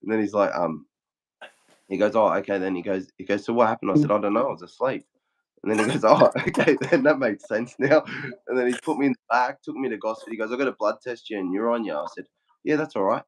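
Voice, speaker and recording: A man's voice: on the low side, fast, a little hiss or hum. A young Australian man casually telling a story, swearing often and acting out what everyone said. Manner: swears a lot, acts out quotes in a flat retelling. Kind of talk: casual chat.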